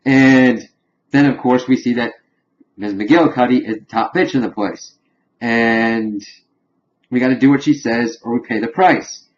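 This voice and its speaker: A man's voice: medium pitch, unhurried, highs cut off. A man recapping a cartoon episode in a loose, rambling, profane way, full of fillers and asides. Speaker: reviewer.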